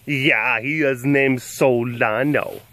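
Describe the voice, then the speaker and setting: A man's voice: medium pitch, fairly even intonation, slow, bright, forceful tone. A man talking casually and playfully while filming, cooing baby talk at big cats and narrating outdoors. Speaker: vlogger at a big cat sanctuary. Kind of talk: casual chat to animals and camera. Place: outdoors at animal enclosures.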